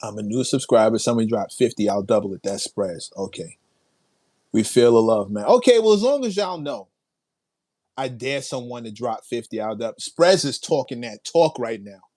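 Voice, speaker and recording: A man hosts a livestream and reacts to viewer comments, hyped and laughing as he goes. His voice sits at an ordinary middle pitch, and he often repeats his phrases. The sound is close and dry, with little room around it. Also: expressive, moderate pace, darkish tone, dry recording. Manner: hyped, laughing, repeats phrases, playful hip hop slang. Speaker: livestream host.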